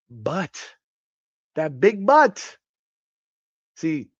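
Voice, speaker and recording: A man's voice: sits high, lively intonation, moderate pace, a bit bright, no echo, highs cut off. A man hosting a podcast, giving casual, profane and incredulous commentary. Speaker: podcast host.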